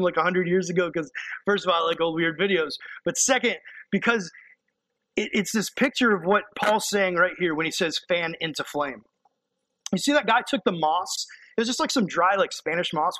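A man preaching a sermon, animated, acting out quotes and dropping to a hushed, intense voice. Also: high voice, dry recording, low-quality recording.

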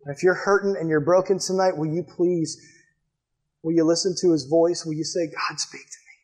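Husky-voiced young man preaching earnestly. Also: a little high, fairly even intonation, brisk. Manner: earnest, direct, drops to a hushed appeal. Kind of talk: sermon with altar call. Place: church building before a live audience.

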